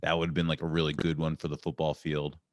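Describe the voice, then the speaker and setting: A man with a low voice hosts a casual interview. His questions come out halting and full of restarts. The recording is close and dry. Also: little pitch movement, dry recording. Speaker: podcast host.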